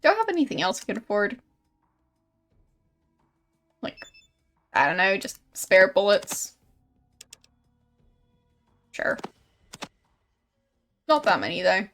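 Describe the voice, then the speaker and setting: A woman's voice: medium pitch, very animated, takes it slowly, long pauses, fairly bright tone, faint music behind. A woman streaming a game, commenting casually in a wry, playful way and laughing at what happens.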